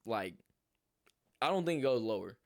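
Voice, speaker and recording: A young man telling a storytime vlog in a rambling, animated way, swearing freely. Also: medium pitch, normal speed. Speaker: vlogger.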